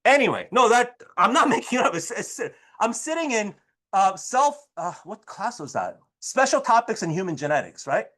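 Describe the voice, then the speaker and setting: Animated high-pitched male chemistry teacher. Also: moderate pace. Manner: animated, keeps asking "right?". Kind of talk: classroom lecture with storytelling. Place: classroom.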